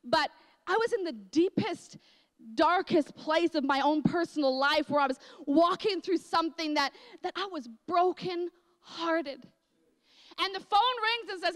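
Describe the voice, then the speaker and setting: A woman's voice: very high voice, expressive, moderate pace, fairly bright tone. A woman pastor preaching a sermon, telling a personal story with dramatic emotional swings. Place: large church hall. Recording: echoey church hall.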